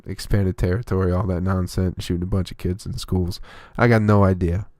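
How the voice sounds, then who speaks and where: A man's voice: sits low, flat delivery, a little fast, dark tone, no room sound, clean studio sound. A man hosting his own comedy podcast, delivering a rambling, profane, opinionated solo rant.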